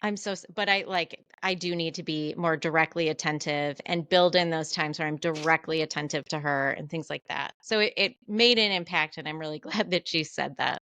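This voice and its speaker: A woman co-hosting a podcast, talking in a candid, animated, self-deprecating way in casual chat. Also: deep voice, brisk, few pauses, smooth, dry recording. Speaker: podcast co-host.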